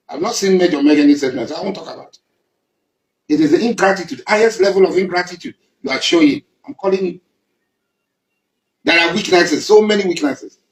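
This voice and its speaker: Accusing Nigerian man in an echoey room. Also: fairly high pitch. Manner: accusing, emphatic, repetitive. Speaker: community leader. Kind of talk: public statement.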